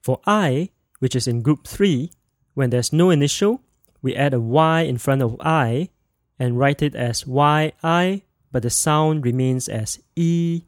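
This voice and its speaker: A man hosting a podcast language lesson, modeling sounds slowly and clearly for listeners to repeat. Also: a little high, no room sound, studio quality. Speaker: language teacher and podcast host.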